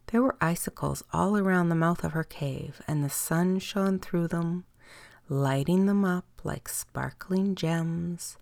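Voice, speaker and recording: A woman telling a bedtime story in a soft, lilting way, slowing down and dropping to a whisper on some words. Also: lowish voice, creaky, no room sound, studio quality.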